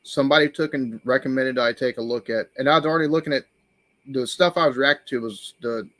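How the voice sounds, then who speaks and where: A man's voice: mid-range voice, fast talker, no echo. Man telling a story. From United States. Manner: animated storyteller, acts out quoted voices. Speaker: host. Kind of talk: casual live-stream chat.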